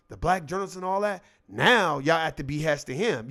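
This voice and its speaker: High-voiced man on a heated rant. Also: animated, a little fast, few pauses, fairly bright tone. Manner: profane, heated, mocking, acts out quotes. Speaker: show host. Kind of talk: political commentary rant.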